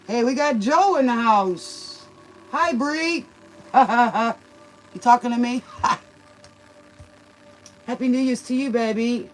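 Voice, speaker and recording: A woman's voice: on the high side, slow, long pauses, a little hiss or hum, low-quality recording. Folksy woman tarot reader, calls you baby. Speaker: tarot reader and livestream host. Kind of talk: casual spoken tarot reading.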